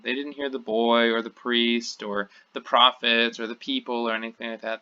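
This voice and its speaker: A man with a drawl lectures at an easy, methodical pace, repeating terms so they sink in. His tone is very bright and forward. The recording sounds dull and lo-fi. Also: medium pitch, fairly even intonation, normal speed, hardly any pauses, smooth. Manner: methodical, repeats key words and phrases. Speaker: teacher.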